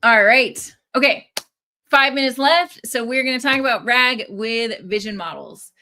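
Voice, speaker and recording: Bright-voiced woman teaching a live coding demo. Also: a little high, a little slow, a little hiss or hum. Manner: chatty, upbeat, often tags "right?". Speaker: developer advocate teaching a live stream.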